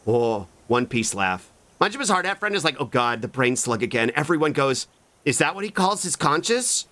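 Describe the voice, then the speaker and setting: A man's voice: medium pitch, sing-song, normal speed, sharp tone. A man streaming a video game, joking around crudely and swearing as he plays. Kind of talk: casual gameplay commentary. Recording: game music behind the voice. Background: game music.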